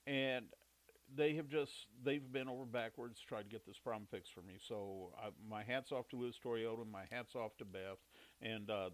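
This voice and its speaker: A man's voice: medium pitch, low-quality recording. A middle-aged man hosting a casual podcast monologue, telling rambling stories in a chatty way with frequent laughs and self-corrections. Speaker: podcast host.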